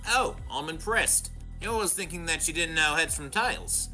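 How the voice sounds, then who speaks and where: A woman's voice: low voice, normal speed, sharp tone, soft background music. A woman voicing a cocky, nonchalant male spear warrior with a put-on Australian accent and a detached, taunting drawl.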